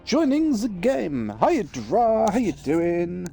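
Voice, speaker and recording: A man's voice: high-pitched, sing-song, takes it slowly, creaky, mellow, faint music behind. A man, chatting casually and joking with viewers while streaming a game. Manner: chatty, jokey, talks to his viewers. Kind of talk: casual live-stream chat.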